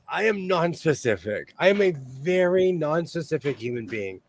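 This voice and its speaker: A man's voice: fairly high pitch, normal speed, few pauses, dry recording. A man hosting a sewing show, rambling through stories and laughing often in casual chat. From New York State. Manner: rambling, animated storyteller who laughs often.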